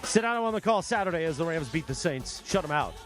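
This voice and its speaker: A man's voice: a little high, animated, fast, music in the background. A man co-hosting a morning sports talk radio show, teasing his partner in playful banter.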